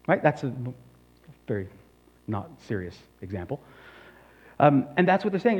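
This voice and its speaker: A man's voice: on the high side, very animated, moderate pace, long pauses, husky. A man preaching a sermon, animatedly voicing scripture quotes with dramatic shifts. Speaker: pastor. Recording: dull lo-fi recording.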